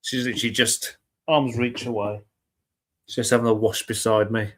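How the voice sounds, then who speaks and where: A man's voice: on the low side, level tone, normal speed, fairly bright tone. A man hosting a casual live weather chat show, talking in a chatty, rambling way and often correcting himself mid-sentence.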